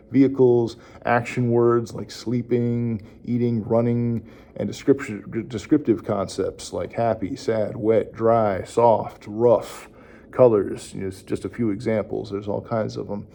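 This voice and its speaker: A man, a speech therapist, giving parents casual tips in a relaxed, rambling way with many fillers. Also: mid-range voice, vocal fry. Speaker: speech-language pathologist. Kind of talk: casual instructional talk to parents.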